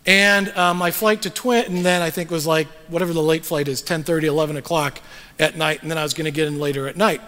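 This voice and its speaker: A man's voice: on the high side, steady tone, fast, sharp tone, in a large hall. A man pastor giving a sermon to his congregation, speaking in a conversational storytelling way with frequent fillers. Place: church sanctuary.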